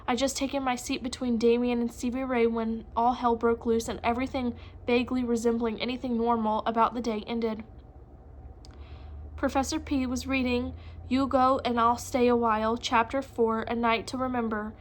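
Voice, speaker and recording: A woman's voice: on the high side, level tone, normal speed. A woman narrating a novel in the first person in a casual, conversational way. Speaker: audiobook narrator.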